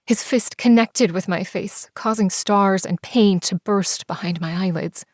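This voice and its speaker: A woman narrating a first-person romance audiobook, expressive and sometimes dropping to soft whispers. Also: mid-range voice, measured pace, dry recording, clean studio sound. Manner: expressive, breathless in tense scenes, shifts into soft whispers.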